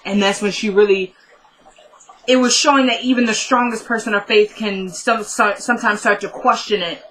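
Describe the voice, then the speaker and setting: Bright-voiced excitable woman recapping TV. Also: medium pitch, poor audio. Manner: excitable, emotional retelling. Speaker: TV recap vlogger. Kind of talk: casual TV episode recap.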